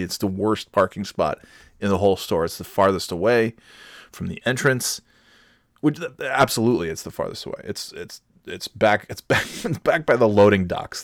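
A man's voice: fairly low pitch, no room sound, studio quality. A middle-aged man with a cough, telling a profane, self-mocking story in a casual comedic rant. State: has a cough.

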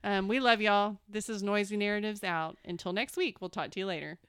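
A woman co-hosting a relaxed podcast, talking in an affirming, reassuring way. Her voice is smooth and resonant, recorded dry and close. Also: mid-range voice, a little fast, dry recording. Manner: warm affirming, speaks of God. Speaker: podcast co-host. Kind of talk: casual podcast chat.

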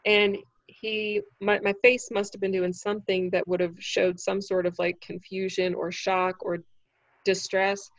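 A woman who is a standup comic, telling a story in casual chat, animated and swearing freely. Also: mid-range voice, a little slow, no room sound, muffled recording. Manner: animated, acts out quoted voices, swears freely.

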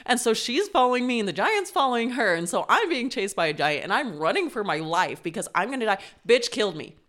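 A woman's voice: on the high side, brisk. Woman telling a rowdy game story. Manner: animated storytelling, swears a lot, laughs often. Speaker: podcast co-host. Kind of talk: casual chat.

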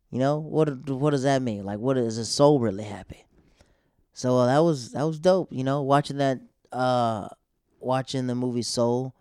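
A stand-up comedian talks in a loose, rambling way, cutting himself off and restarting his thoughts. His pitch sits in the middle of the male range. The sound is dry and close, with no room around it. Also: a little mellow, no echo. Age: 20s to 30s. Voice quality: rambling, self-interrupting. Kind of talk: casual chat.

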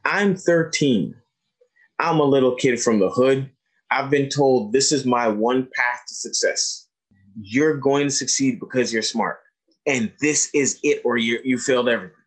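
Man, mid-pitched voice, lecturing teachers and acting out the stories he tells. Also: measured pace, husky, rough recording. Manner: animated storyteller acting out dialogue. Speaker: educator giving a talk on trauma.

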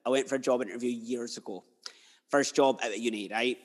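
A man's voice: mid-range voice, steady tone, fairly quick. A man hosting a podcast interview, chatty and emotional, drifting into personal stories. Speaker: podcast host. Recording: long hall reverb.

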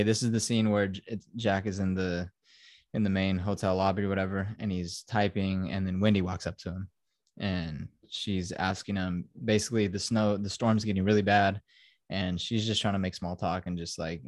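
A man's voice: sits low, little pitch movement, normal speed, no echo, studio quality. A man hosting a podcast who casually recaps a film in a rambling, profane way full of fillers. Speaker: podcast host.

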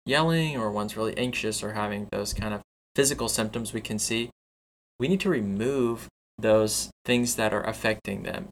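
Lower-voiced man teaching nursing tips. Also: a bit bright, slight background noise, rough recording. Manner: instructive, teacherly, lists points. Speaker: podcast co-host for nursing students. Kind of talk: casual advice chat.

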